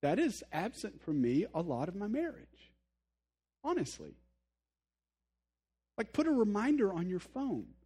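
A man preaching a sermon in a slightly higher voice than most men. He talks to the congregation like he is chatting with them, earnest and direct, with easy self-deprecating humor. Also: wildly swooping pitch, a little slow, long pauses, dark tone, breathy edge. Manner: addresses listeners directly, earnest. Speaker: pastor.

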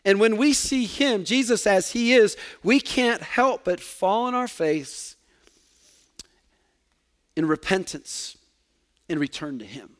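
A man preaching with a high-pitched voice. He repeats key words for emphasis and lets his voice sink low at the ends of phrases. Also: lively intonation, slow, pauses often. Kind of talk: sermon.

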